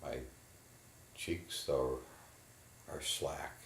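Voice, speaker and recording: A man in a guided imagery therapy session, slowly and haltingly describing what he feels in his body. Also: rumbling low, fairly even intonation, gravelly, a bit bright, echoey room, slight background noise. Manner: slow, halting, inward reporting of body sensations. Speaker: therapy client.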